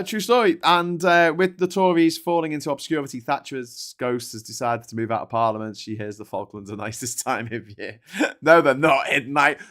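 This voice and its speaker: A man with a medium-pitched, fairly bright voice hosts a livestream from home, where a dog is with him. He chats casually about politics and reads viewer comments aloud, swearing often and restarting his sentences.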